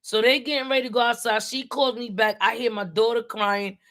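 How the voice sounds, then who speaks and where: Animated woman telling a story. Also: on the high side, brisk. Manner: animated, quotes people in voices, streetwise slang. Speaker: parent, vlogger. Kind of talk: casual storytelling while helping with homework.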